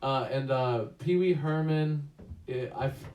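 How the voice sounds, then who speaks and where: A man's voice: medium pitch, unhurried, darkish tone, a little hiss or hum. Casual male reviewer, rambling delivery full of restarts, recorded far from the mic in an echoey room. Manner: rambling, many fillers and restarts. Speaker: movie review host. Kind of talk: casual movie review chat.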